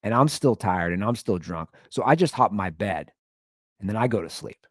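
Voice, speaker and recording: A man's voice: lowish voice, lively intonation, normal speed, dry recording, studio quality. A man hosting a comedy podcast, telling a story and acting out both sides of the argument.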